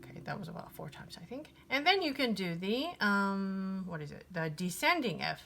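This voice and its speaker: A woman's voice: medium pitch, big pitch swings, moderate pace, gravelly. A woman giving a casual piano lesson, thinking aloud with many fillers and restarts. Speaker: piano teacher.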